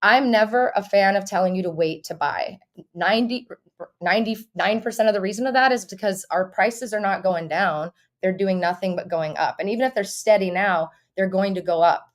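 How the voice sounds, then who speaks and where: A woman real estate agent hosting a casual live-stream chat, upbeat and chatty, with quick restarts. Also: mid-range voice.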